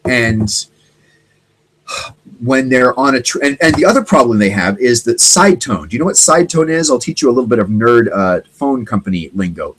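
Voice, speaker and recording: A man hosting a casual solo talk show, rambling and animated, now and then mimicking other people's voices. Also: mid-range voice, slightly rough, low-quality recording. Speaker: podcast host.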